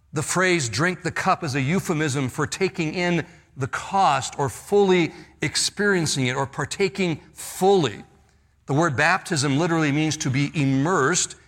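Bright-voiced male preacher. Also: fairly high pitch. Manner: expository preaching, reads scripture with emphasis; acts out quoted lines, laughs lightly. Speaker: pastor. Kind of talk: sermon.

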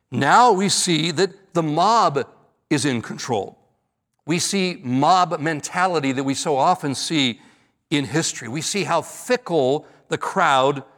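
A man's voice: fairly high pitch, a bit bright. A man preaching an earnest expository sermon, stretching key words for emphasis. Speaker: pastor.

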